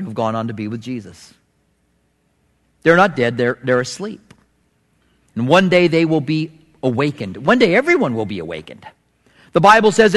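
A middle-aged man preaching a sermon, telling stories and acting out voices with big swings in pitch. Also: fairly bright tone. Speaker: pastor. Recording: long hall reverb.

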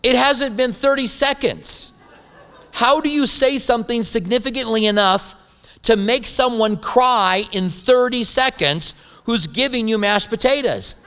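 A man's voice: very high-pitched, measured pace, pushed and bright, smooth. A man preaching a sermon as a pastor, telling stories with humorous asides. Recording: long hall reverb.

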